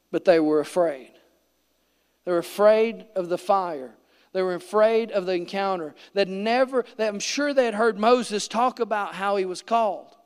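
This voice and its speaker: High-voiced man preaching in a big hall. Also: clear, resonant tone. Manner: earnest, vivid storytelling with reenacted pleas. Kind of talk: sermon. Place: church sanctuary.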